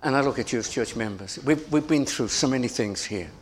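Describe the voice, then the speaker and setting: A man's voice: mid-range voice, fairly quick. A middle-aged man preaching a sermon as pastor, earnest, repeating his phrases and stumbling over restarts.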